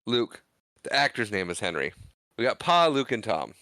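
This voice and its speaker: A man's voice: lowish voice, big pitch swings, moderate pace, pushed and bright, dry recording. A man co-hosting a podcast, casually retelling a movie scene by scene and acting out the characters' lines. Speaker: podcast co-host. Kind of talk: casual movie recap chat.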